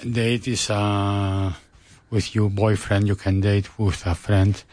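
A man with a Spanish accent, a student answering slowly and hesitantly in an English lesson. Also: fairly low pitch, level tone, darkish tone, dry recording. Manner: slow, hesitant, searching for words.

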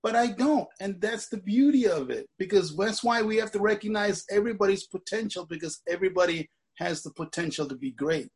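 An American man joins an online book club discussion over a video call. He talks in a husky, slightly high voice. He is animated and joking. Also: fast talker, few pauses. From United States. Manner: animated and joking, breaks into laughter. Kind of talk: casual discussion.

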